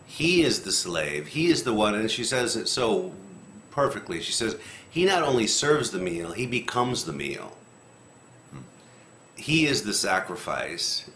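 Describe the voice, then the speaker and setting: A man casually talking through a Bible passage, rambling a little and acting out the quotes with lively rises in pitch. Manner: animated, acts out quotes with rising pitch, rambling. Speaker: lectionary commentator. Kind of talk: casual scripture discussion. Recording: echoey room, faint noise.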